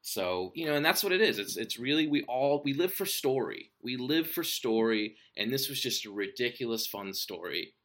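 A man's voice: mid-range voice, animated, moderate pace, hardly any pauses, a bit bright. A man, an author, talking about his writing in a casual monologue, swearing often and rambling enthusiastically. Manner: profane and rambling.

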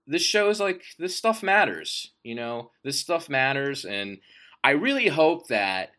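A man's voice: mid-range voice, very animated, measured pace, pushed and bright. A man, an author, talking about his writing in a casual monologue, swearing often and rambling enthusiastically. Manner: profane and rambling.

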